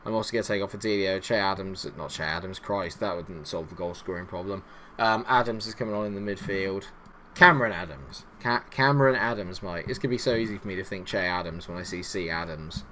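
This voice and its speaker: A man giving casual, self-mocking gameplay commentary, swinging between low mutters and loud, exasperated outbursts. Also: a little hiss or hum. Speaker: gaming YouTuber.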